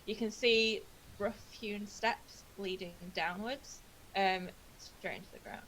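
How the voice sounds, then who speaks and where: A woman's voice: medium pitch, steady tone, slow pace, a bit bright, a little hiss or hum, rough recording. A woman running a tabletop game as game master, narrating with frequent laughter and rambling asides. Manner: giggly, rambling.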